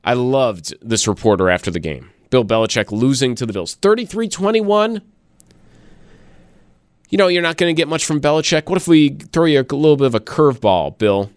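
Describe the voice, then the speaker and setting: A man's voice: lively intonation, moderate pace, no echo, studio quality. A man hosting a casual radio show, chatting and laughing as he reads listener messages. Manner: chatty, laughing, wide pitch swings. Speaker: radio host.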